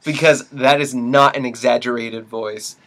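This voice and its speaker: A man's voice: medium pitch, fairly even intonation, a little slow, a bit bright. A young man co-hosting a podcast, chatting casually, joking and swearing as he riffs. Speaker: podcast co-host. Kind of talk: casual chat.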